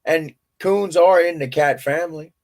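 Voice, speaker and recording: A man's voice: fairly high pitch, moderate pace, a little mellow. Joking man chatting casually. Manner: loose, joking, swearing, trailing off. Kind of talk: casual chat.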